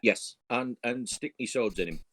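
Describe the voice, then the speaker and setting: A man playing in a tabletop game, laying out his character's moves in a deliberate, plain-spoken way. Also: medium pitch, fairly bright tone, slightly rough, dry recording. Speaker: player. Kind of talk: casual tabletop game chat.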